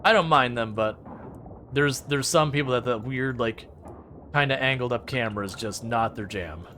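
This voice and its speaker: A man's voice: medium pitch, normal speed, bright, forceful tone. Guy streaming a game from home, rambly and a bit sarcastic talking to chat, mid voice, little hiss in the back. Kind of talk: casual live-stream chat while playing.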